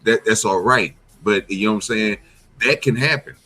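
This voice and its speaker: A man's voice: fairly low pitch, moderate pace, sharp tone. A man hosting a casual podcast debate, laid-back and filling his talk with "you know what I'm saying" and "bro". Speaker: podcast host.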